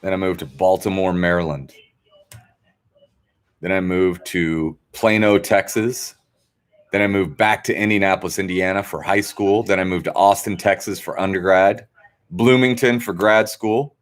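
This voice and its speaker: A man with a fairly low voice hosts a trivia stream from home. He rambles easily through small talk, loose and friendly. His delivery is unhurried. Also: fairly even intonation. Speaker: trivia host. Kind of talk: casual livestream chat.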